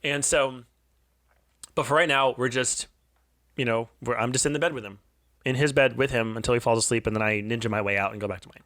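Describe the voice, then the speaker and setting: A man in his thirties tells a personal story in an earnest, confessional way. He often restarts his sentences and turns soft and quiet in the tender parts. His voice is mid-pitched and sounds dry and close on the mic. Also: a little fast, no echo. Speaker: podcast co-host.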